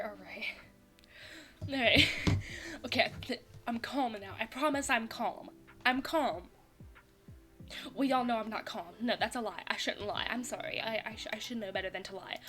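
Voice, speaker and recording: A woman streaming a visual novel at home, reading the story aloud and reacting with excited cheers, giggles and rambling asides. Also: fairly high pitch, moderate pace, soft background music. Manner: rambling with frequent restarts and playful self-mockery.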